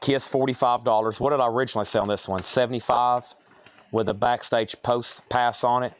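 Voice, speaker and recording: A man's voice: medium pitch, fairly even intonation, fairly quick. A man hosting a live online sale, calling out prices and buyers' names and thinking aloud as he sorts items indoors. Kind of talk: live auction selling.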